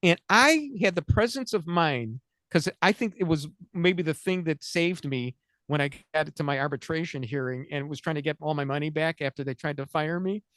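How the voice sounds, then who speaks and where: A man with a fairly high voice tells a long anecdote. He stops and restarts, stumbles over words and laughs at his own punchlines. The recording is close and dry. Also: moderate pace, a bit bright, no room sound. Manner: rambling, self-interrupting, laughs through punchlines. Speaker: podcast host. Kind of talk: casual storytelling chat.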